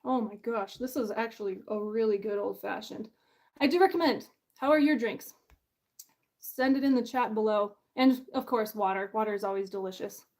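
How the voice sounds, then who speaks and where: A woman's voice: a little high, normal speed, a little mellow. Bubbly, chatty woman hosting a livestream. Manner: bubbly, chatty, self-deprecating; laughs often. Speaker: author hosting her book launch. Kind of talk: casual livestream chat.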